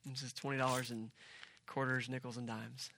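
Bright, lively man preaching a sermon. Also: medium pitch, moderate pace, creaky, a little hiss or hum. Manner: animated, conversational preaching with asides. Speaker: pastor.

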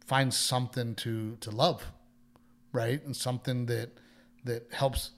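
A man's voice: mid-range voice, slow. A male comedian telling a story in casual chat, quoting other people and swearing now and then. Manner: animated storyteller who quotes others in their voices, swears.

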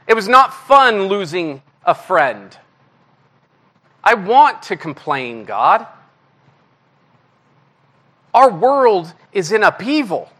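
A man giving a conversational sermon to a church congregation, candid and self-deprecating, with animated swings in his delivery. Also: sits high. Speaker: guest preacher.

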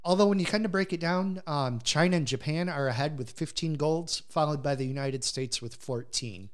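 A man's voice: on the high side, moderate pace. A man co-hosting a casual chat, reading out figures in a matter-of-fact way.

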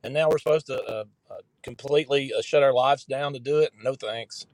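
A man's voice: medium pitch, brisk, a little mellow. A man in his late fifties, chatting casually and joking, often laughing and restarting his sentences. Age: 50s. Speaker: guest commentator. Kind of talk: casual political chat.

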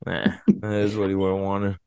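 A man's voice: sits low, monotone, moderate pace, mellow, clean tone, dry recording. A man co-hosting a podcast, chatting casually about a movie in a blunt, crude way. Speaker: podcast co-host.

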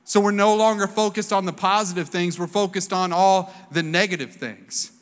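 A man's voice: high voice, steady tone, normal speed. A man in his thirties preaching a sermon in a casual, storytelling way, acting out the voices he quotes. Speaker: pastor. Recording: long reverb of a large hall.

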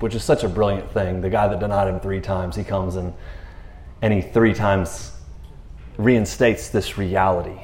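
A man talking casually about scripture in a laid-back, slangy way, retelling stories with lively asides. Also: sits low, normal speed, slight background noise. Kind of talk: casual faith talk. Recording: roomy echo.

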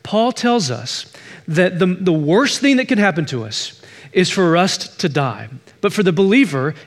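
A man preaching as pastor, telling a story and pressing its point with emphatic repetition. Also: a little high. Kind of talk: sermon.

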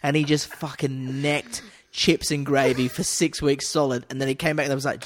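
A man's voice: a little high, fairly even intonation, brisk, hardly any pauses. A man, co-hosting a casual podcast, riffing and acting out silly bits. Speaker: podcast co-host. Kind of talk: casual comedic chat.

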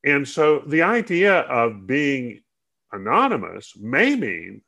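A man co-hosting a casual talk show, speaking in halting bursts with frequent restarts and fillers. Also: mid-range voice, sing-song, vocal fry, sharp tone. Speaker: co-host. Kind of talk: casual chat.

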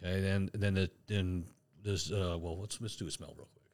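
A man's voice: low-pitched, fairly even intonation, moderate pace, a little mellow. A man co-hosting a casual whiskey tasting, talking in a rambling way, often restarting and laughing at himself. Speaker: podcast co-host.

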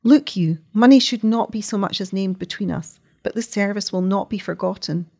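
A woman's voice: moderate pace, creaky, a little mellow, slightly rough. A woman reading as a weary, moaning noblewoman. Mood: anguished. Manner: low and moaning.

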